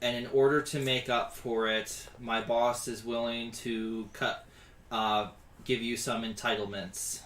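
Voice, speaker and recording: A man's voice: flat delivery, a little slow, echoey room, recorded from a distance. A man running a tabletop game as game master, narrating and voicing characters with frequent laughter. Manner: laughs often, voices NPCs in lower, quieter tones.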